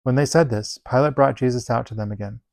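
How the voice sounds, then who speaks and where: A man reading Bible passages aloud in a steady, measured delivery. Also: medium pitch, creaky, no echo. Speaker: Bible reader.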